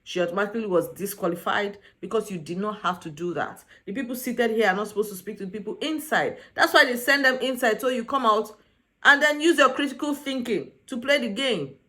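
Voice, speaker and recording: A woman's voice: a little high, brisk, sharp tone. Sassy woman recapping drama. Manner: sassy, exasperated, acts out quotes. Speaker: reality show recap vlogger. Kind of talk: casual opinionated recap commentary.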